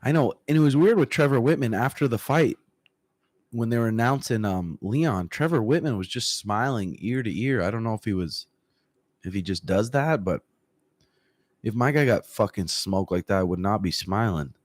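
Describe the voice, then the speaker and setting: A man with a lowish voice chats loosely on a livestream from a room at home, reading out viewer comments and answering them. He talks calmly and swears freely, and he keeps clearing his throat. The sound is close and dry, with no room echo. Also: normal speed. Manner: relaxed, profane, frequent throat clearing. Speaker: MMA coach.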